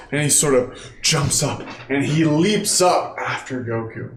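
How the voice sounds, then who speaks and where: A man as game master, narrating a tabletop game in slow, descriptive lines. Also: medium pitch, slight background noise. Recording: echoey room.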